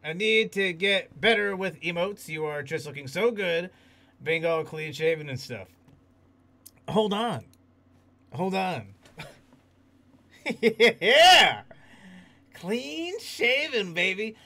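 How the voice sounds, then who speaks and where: A male stream host talks loosely with his viewers, laughing as he reads their messages out. His voice sits very high and has a gravelly edge. It is bright and sharp. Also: animated, slow, long pauses. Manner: laughs often, reads chat aloud. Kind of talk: casual livestream chat.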